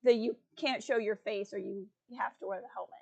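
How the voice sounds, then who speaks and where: A woman's voice: mid-range voice, fairly even intonation, fairly quick, gravelly, a little mellow, highs cut off. A woman hosting a casual fan stream over a video call, upbeat and laughing, prompting her co-hosts. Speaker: stream host.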